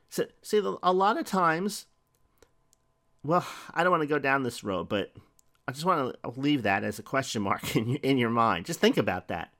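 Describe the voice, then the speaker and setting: A man's voice: mid-range voice, big pitch swings, normal speed, a bit bright. A middle-aged man preaching a sermon in a conversational way, asking rhetorical questions and reading scripture aloud.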